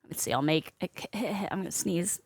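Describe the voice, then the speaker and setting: A woman's voice: lowish voice, a little slow, no echo. Chatty woman live-streamer, dry close sound. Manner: chatty, upbeat, with frequent fillers. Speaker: streamer and balloon artist. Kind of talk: casual live-stream chat.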